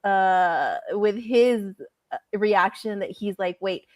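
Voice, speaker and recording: A woman co-hosting a casual movie review podcast, animated, laughing often and acting out quotes from the story. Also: medium pitch, slow, no echo. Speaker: podcast co-host.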